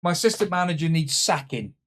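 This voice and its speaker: A man commenting on his own football management game, swinging between loud exclamations and muttered asides. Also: on the high side, animated, quick pace, slight background noise. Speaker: gaming channel host. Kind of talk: let's-play commentary.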